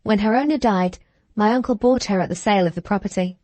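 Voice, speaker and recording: A woman's voice: medium pitch, quick pace, darkish tone, no room sound, natural voice. A woman reading the part of a spiteful, gushing young woman with a scornful, mocking manner, in an audiobook.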